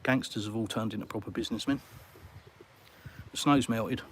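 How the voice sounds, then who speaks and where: A man's voice: on the low side, fairly even intonation, normal speed, a little hiss or hum. A middle-aged English man hosting a casual live Q&A from a sunny balcony, blunt and full of jokey banter. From England. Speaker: livestream host.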